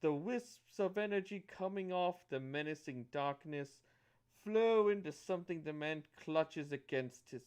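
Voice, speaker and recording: A man narrating a tabletop game as game master, halting and restarting phrases as he goes. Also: on the high side, clear, resonant tone.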